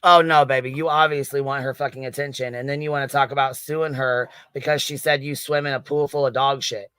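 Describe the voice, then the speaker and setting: A man's voice: medium pitch, level tone, fairly quick, a bit bright, clear, resonant tone, dry recording. A man giving heated, profanity-laced livestream commentary, ranting in disbelief. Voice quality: swears constantly, incredulous ranting.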